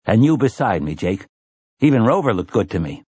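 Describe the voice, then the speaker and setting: A man voicing a wry, restless young man in a storybook reading, talking in an animated, wisecracking way. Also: fairly low pitch, a little fast, slightly rough, no echo. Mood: worried.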